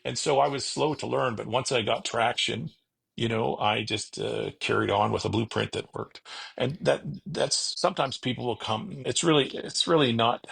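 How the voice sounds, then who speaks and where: A middle-aged man tells stories in a gravelly voice that wanders from point to point. His tone is casual and self-deprecating, and he acts out what other people said. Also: mid-range voice, normal speed, a bit bright. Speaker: podcast guest, car finder. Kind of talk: casual storytelling chat.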